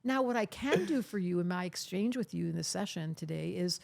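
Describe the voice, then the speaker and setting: Older woman guest on a podcast, emphatic and playful, animated intonation. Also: on the low side, fairly quick, vocal fry. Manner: emphatic, teasing, acts out quoted voices. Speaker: astrologer, guest. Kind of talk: podcast interview conversation.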